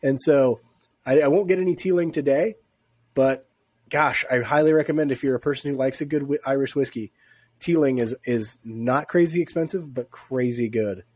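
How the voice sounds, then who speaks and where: A man's voice: medium pitch, moderate pace, a little mellow, no room sound. A man co-hosting a sports podcast from home, sick and congested, chatting in a laid-back, rambling way. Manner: laid-back, laughs often, rambling asides. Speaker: podcast co-host. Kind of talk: casual sports chat.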